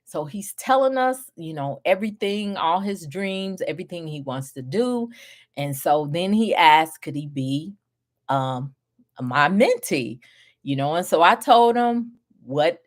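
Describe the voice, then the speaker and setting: A middle-aged woman mentoring group home owners, telling a story in an animated way, laughing often and acting out what people said. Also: deep voice, measured pace. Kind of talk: storytelling to viewers.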